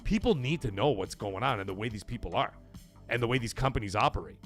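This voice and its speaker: Animated man ranting on stream. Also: medium pitch, quick pace, soft background music. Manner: animated, emphatic, blunt with swearing. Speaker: gaming show host. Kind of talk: livestream chat and rant.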